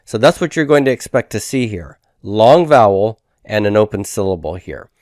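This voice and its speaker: A man's voice: on the low side, animated, normal speed, darkish tone, no room sound, studio quality. A man teaching a grammar lesson, patiently explaining and repeating each form. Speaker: Biblical Hebrew teacher. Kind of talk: recorded grammar lecture.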